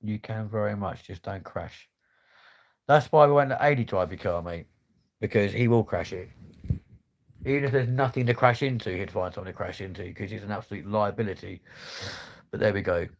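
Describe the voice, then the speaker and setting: Gravelly sweary bloke. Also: male voice, lowish voice, fairly quick, pauses often. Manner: sweary, laddish banter. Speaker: livestream host. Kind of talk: casual livestream chat.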